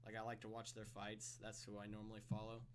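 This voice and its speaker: A man's voice: fairly low pitch, completely flat delivery, fast, slight background noise. A young man co-hosting a podcast in casual chat with a friend, rambling, swearing, stuttering and laughing often. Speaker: podcast co-host. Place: room with a friend.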